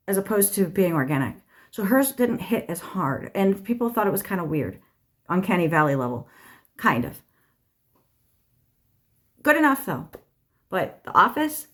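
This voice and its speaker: A woman's voice: lowish voice, very animated, moderate pace, pauses often. A woman hosting a tarot channel, talking in a rambling, profane, wry solo monologue at home, walking between rooms as she talks. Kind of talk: casual stream-of-consciousness monologue.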